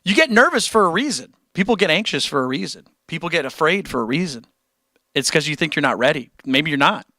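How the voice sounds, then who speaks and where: A man's voice: on the high side, sing-song, a little fast, pushed and bright, no room sound, studio quality. A young man streaming and answering chat questions about guitar, blunt and encouraging, with casual swearing and rambling tangents.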